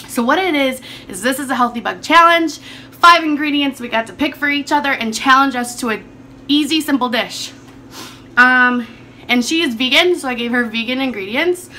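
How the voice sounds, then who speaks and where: A woman with a hoarse, under-the-weather voice talks her way through a casual home cooking vlog, upbeat and rambling. Her tone is bright and sits a bit high, and a faint hum of household noise sits behind her. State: hoarse from being sick. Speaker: vlogger.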